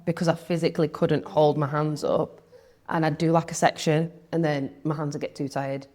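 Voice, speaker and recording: A woman's voice: low voice, little pitch movement, moderate pace, darkish tone. A young woman, talking candidly as an interview guest, chatty, with lots of "like" and quoted thoughts.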